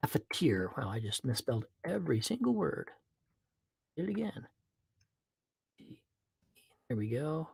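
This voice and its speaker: A man hosting his own podcast, chatting casually with viewers before he records, then talking in a playful, animated way. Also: mid-range voice, measured pace, gravelly, long pauses, slightly rough, dry recording. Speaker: podcast host. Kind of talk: casual livestream chat and podcast monologue.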